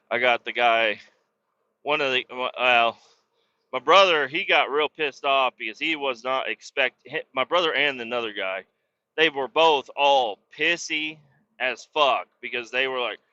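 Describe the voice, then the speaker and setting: A man's voice: medium pitch, sharp tone, clean tone, dry recording, muffled recording. A man hosting a podcast, telling a rambling, profane story in a casual, blunt way. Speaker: podcast host.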